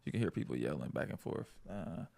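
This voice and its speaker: A man who played pro basketball, telling a story podcast-style with a gravelly edge. His pitch swings widely as he talks. His delivery is loose and salty. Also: quick pace. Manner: animated, profane storyteller.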